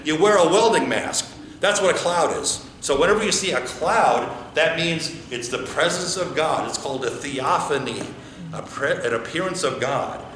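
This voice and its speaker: Male American pastor, slightly higher voice, chatty sermon full of questions, echoey church room. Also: sharp tone, slight background noise. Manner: conversational, asks the congregation questions. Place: church sanctuary. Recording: echoey church with faint ambience.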